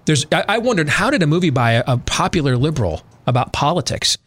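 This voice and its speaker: A man's voice: on the high side, big pitch swings, quick pace, a bit bright, slightly rough. Emphatic male talk radio host. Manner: emphatic, addresses listeners directly. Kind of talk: opinionated commentary.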